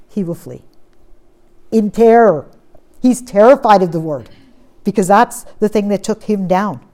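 A woman preaching a sermon, reading scripture aloud and pressing points with strong stress that drops to quiet, steady lines. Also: mid-range voice. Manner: emphatic, swings from loud stress to quiet.

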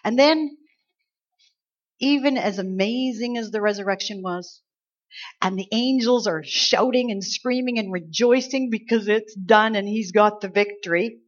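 A woman preaching a conversational Easter sermon, acting out quoted lines with lively emphasis. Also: mid-range voice, a little slow. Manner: conversational, animated, acts out angels' lines. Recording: slightly dull lo-fi sound.

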